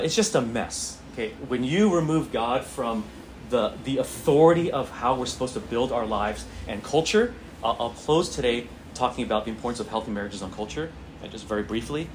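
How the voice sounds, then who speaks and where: A man's voice: mid-range voice, slight background noise. A man teaching a church Bible class in a conversational way, repeating phrases and often checking in with "okay?".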